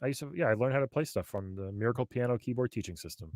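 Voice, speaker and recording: Lively, enthusiastic man hosting. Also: medium pitch, rapid-fire, dry recording, studio quality. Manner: enthusiastic, laughs often. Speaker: podcast host. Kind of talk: casual chat.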